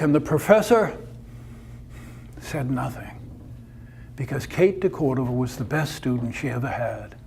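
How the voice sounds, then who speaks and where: A man telling a story aloud in a conversational, unhurried way. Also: fairly high pitch, gravelly, a little mellow, breathy edge. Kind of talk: told story narration.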